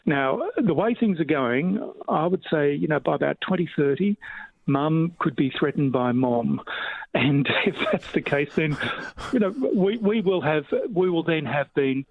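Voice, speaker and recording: Aussie guy on a tinny phone line, slightly high, bit gravelly, chatty. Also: expressive, no room sound. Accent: Australian. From Australia. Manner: chatty, laughs often, slows to spell words. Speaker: demographer guest. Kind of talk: radio interview.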